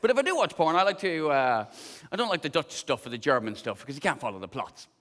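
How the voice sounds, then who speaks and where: A man performing live stand-up comedy in a wry, conversational, animated manner on a theatre stage. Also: a little high, fast talker, in a large hall. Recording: live stage, audience laughter.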